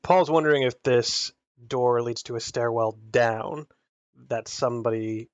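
A man's voice: medium pitch, a little slow, dry recording. Hedging male player on a dull mic. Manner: hedging, lots of fillers. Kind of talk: casual tabletop play.

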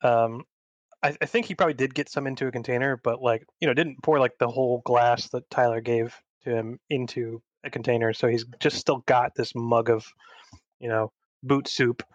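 Male player, mid pitch, hesitant and thinking aloud, dull lo-fi dry mic. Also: steady tone, moderate pace, no room sound. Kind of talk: tabletop game play.

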